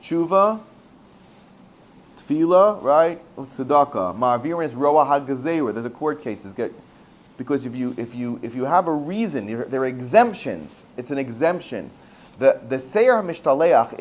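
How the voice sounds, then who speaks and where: Man as rabbi giving a lively Torah class and story, mid-range voice. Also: mid-range voice. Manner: animated, repeats words, mixes in Hebrew terms.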